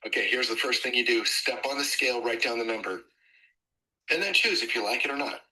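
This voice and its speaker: A man's voice: medium pitch, fairly quick, pushed and bright, poor audio. A man on an online group call giving blunt, punchy business coaching advice.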